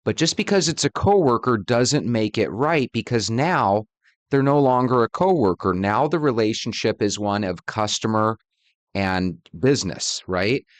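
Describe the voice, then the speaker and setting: A man's voice: fairly low pitch, animated, unhurried, no room sound. A man hosting a talk channel, introducing clips and commenting in a friendly, conversational way. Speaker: host. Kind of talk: casual commentary.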